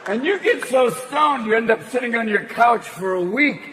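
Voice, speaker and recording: Manic high-pitched male stand-up comic. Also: lively intonation, moderate pace, slight background noise. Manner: manic, shouting, jumps between voices. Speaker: stand-up comedian. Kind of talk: stand-up comedy with rapid character voices. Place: large theater stage. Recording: big hall, loud crowd laughing.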